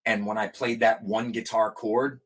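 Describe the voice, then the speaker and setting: Husky-voiced middle-aged man telling stories. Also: on the low side, moderate pace. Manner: animated, acts out quoted people in a raised voice. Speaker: guest musician. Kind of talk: casual storytelling in a podcast interview.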